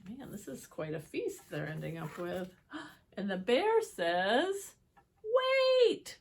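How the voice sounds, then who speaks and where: A woman reading picture books aloud to children, expressive, with chatty asides to her young viewers. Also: fairly low pitch, unhurried, gravelly, husky. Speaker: children's book reader. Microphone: holds book up to camera.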